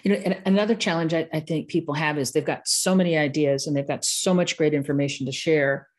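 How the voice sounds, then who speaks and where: This guest, a course-creation expert from the US Midwest, speaks with a Midwestern accent in a low, darkish voice at a quick pace with fairly even intonation. The interview is casual, and she laughs often and jokes at her own expense.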